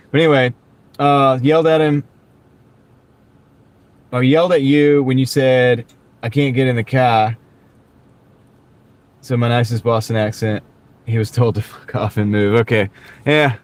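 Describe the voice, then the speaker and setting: A man's voice: medium pitch, normal speed, pauses often. A man chatting casually with viewers while he drives for a delivery app, joking between orders, on a clip-on mic inside a car. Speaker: delivery driver streaming live. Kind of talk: casual live-stream chat while driving. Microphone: wireless clip-on mic.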